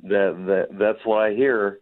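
A man calling in by phone, hoarse from losing his voice, speaking enthusiastically with many halting fillers. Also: lowish voice, fairly even intonation. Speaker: phone guest, venue operator. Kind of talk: phone interview. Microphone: telephone. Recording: tinny phone line.

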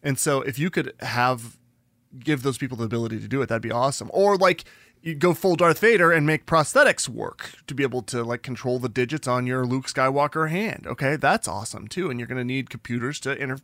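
A man's voice: mid-range voice, brisk, fairly bright tone, dry recording, clean studio sound. A man co-hosting a podcast in casual chat, rambling and giggling, often trailing off mid-thought. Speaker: podcast co-host.

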